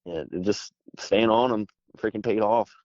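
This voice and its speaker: A man guest telling a story with excited energy, rambling fast and saying "dude" constantly, calling in by phone. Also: on the low side, no echo. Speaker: podcast guest. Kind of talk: animated storytelling. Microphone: phone call. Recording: dull phone line.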